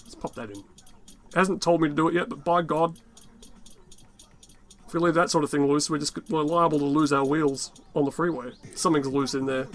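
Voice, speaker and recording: A man with a raspy, worn-out voice giving rambling, casual gameplay commentary, muttering to himself and swearing often. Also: a little high, fairly even intonation, moderate pace, long pauses. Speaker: gaming channel host.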